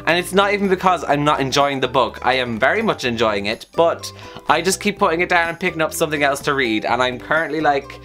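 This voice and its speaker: A young man with a sore throat chatting to camera as a book vlogger, upbeat and excitable. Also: fairly high pitch, fast talker, faint music behind. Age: young adult. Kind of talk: casual chat to camera.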